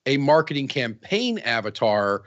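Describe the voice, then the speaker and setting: A man's voice: mid-range voice, measured pace, no echo. Wisecracking man, dull dry sound. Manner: excitable, wisecracking. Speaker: podcast co-host. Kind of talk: casual chat.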